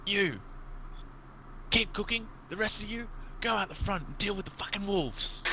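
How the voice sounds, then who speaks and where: A man's voice: high voice, animated, normal speed, bright, forceful tone, a little hiss or hum, pitched above the performer's own voice, full character voice. A man voicing a vicious, bossy male goblin boss who barks coarse, swearing orders. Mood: barking orders.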